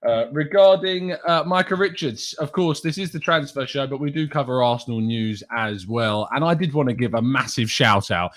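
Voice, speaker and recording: A man's voice: medium pitch, moderate pace, hardly any pauses, fairly bright tone. A man from England hosting a live show in a casual, chatty way, greeting viewers by name. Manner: chatty, reads out viewer names, slips into a put-on northern accent. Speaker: podcast host.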